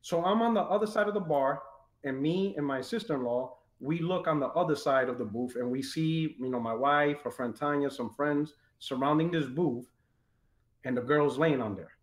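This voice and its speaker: Animated high-voiced New man. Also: normal speed, reverberant. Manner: animated, swearing, quotes people in raised voice. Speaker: podcast guest telling stories. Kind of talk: casual storytelling.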